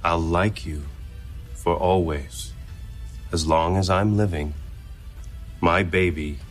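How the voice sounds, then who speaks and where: A man's voice: deep voice, steady tone, slow, soft background music. An actor playing a man giving an overly theatrical storybook reading in a sitcom scene, drawn out and solemn.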